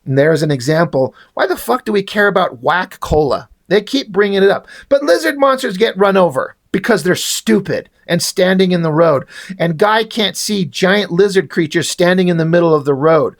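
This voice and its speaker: A man's voice: sits high, expressive, normal speed. A man reviewing a comic book in a casual rant, sarcastic, exasperated and full of swearing.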